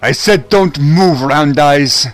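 A man's voice: on the high side, slow, soft background music. A man voicing a hostile woman brigand who barks commands in a tabletop game. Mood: barking threat. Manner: barked, commanding shouts.

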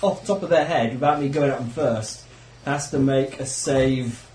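A man's voice: medium pitch, normal speed, darkish tone. A man playing a tabletop game, chatting casually and joking, with frequent laughs and restarts. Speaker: player. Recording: echoey room, faint background noise.

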